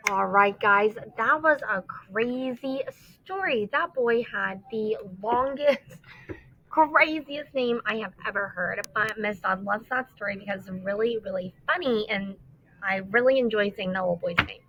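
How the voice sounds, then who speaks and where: A woman teacher who reads a story aloud to children and then explains it, in an expressive, emphatic way. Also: medium pitch, measured pace, a little hiss or hum. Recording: dull lo-fi dry recording.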